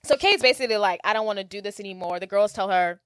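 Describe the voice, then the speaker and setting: A woman's voice: medium pitch, quick pace, clean tone, no room sound, clean studio sound. A woman co-hosting a casual podcast, summarizing a movie plot and quoting the characters as she goes. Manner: chatty, quotes characters while summarizing. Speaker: podcast co-host. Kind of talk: casual movie recap chat.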